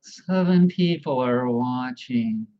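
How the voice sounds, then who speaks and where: A man's voice: mid-range voice, animated, takes it slowly, dark tone, muffled recording. A man hosting a casual livestream, rambling and chatting directly with his viewers. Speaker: livestream host.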